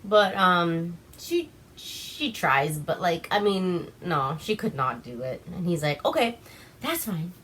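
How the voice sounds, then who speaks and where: A woman's voice: lowish voice, lively intonation, slow, a bit bright, slight background noise. A young woman from Alaska hosting a casual movie recap, chatty and giggly with lots of fillers, a little tipsy on wine. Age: young adult. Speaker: vlog host.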